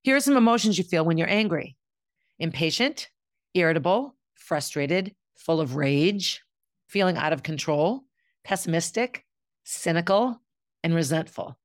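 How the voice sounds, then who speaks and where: A woman's voice: fairly low pitch, dry recording, studio quality. A middle-aged woman speaking candidly and bluntly in a reflective personal monologue, as the host of her own show. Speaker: podcast host.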